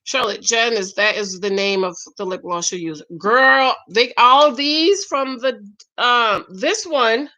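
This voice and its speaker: A woman's voice: a little high, expressive, slow pace, sharp tone. A woman vlogger chatting casually while reading viewer comments, emphatic and talkative, often adding "okay?". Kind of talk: casual live-stream chat.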